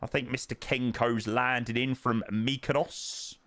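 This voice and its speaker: A man's voice: medium pitch, steady tone, measured pace, a bit bright, no room sound. A young man streaming a flight sim, chatting casually with viewers in matey banter full of fillers. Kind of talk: casual live-stream chat, answering viewers.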